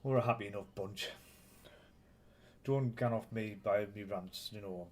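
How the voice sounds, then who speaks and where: A man's voice: lowish voice, a little slow, a little hiss or hum. A man with a Northeast English accent, hosting a casual live stream and bantering with viewers in a rambling, teasing way. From Northeast England.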